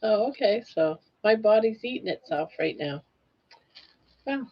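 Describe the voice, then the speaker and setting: Older woman, husky lo-fi call voice. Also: mid-range voice, animated, measured pace. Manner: coos affectionately at a dog. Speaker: co-host. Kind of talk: casual live-stream chat.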